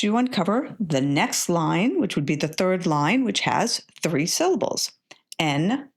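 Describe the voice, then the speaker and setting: Slow, lively-pitched woman teaching reading. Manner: patient, explains step by step, sounds out syllables slowly. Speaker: podcast host and reading tutor. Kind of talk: instructional podcast talk.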